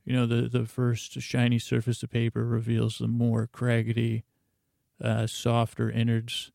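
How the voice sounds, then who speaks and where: A man hosting a podcast, telling a meandering, stammering bedtime story in a gravelly voice. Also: mid-range voice, completely flat delivery, a little slow, a little mellow, no room sound, studio quality. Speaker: podcast host.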